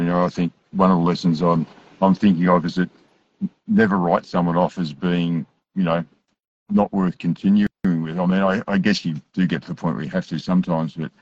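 A man with a very low voice hosts an interview, thinking aloud and pausing on "uh" and "you know." His recording is muffled and dull, and it is dry, with no room echo. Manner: hesitant, many "you know" and "uh" fillers. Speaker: interview host. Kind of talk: interview commentary.

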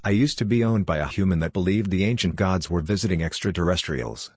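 A man voicing a calm, coldly logical android envoy who speaks in a level, matter-of-fact way. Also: sits low, fast, breathy edge, no room sound, studio quality.

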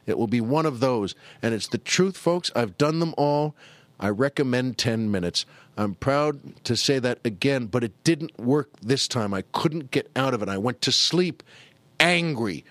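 A man's voice: medium pitch, lively intonation, measured pace, fairly bright tone, no echo. A middle-aged man hosting his own show, telling a rambling, self-mocking family story in a casual monologue. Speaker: podcast host.

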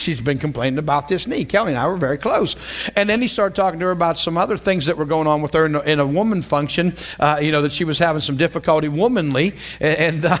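A middle-aged male pastor with a voice pitched a little high for a man. He preaches in a loose, conversational storytelling style, animated and fond of repeating lines for emphasis. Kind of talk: storytelling sermon.

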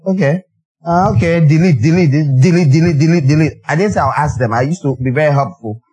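A man's voice: a little high, darkish tone, rough recording. A male pastor talking casually to a congregation, in a chatty manner with lots of repeated words. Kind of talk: informal sermon remarks.

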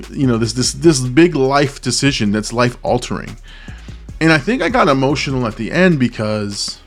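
A man hosting a movie reaction channel, giving a casual spoken review. He thinks aloud, searches for words, circles back on himself and speaks openly about his feelings. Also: mid-range voice.

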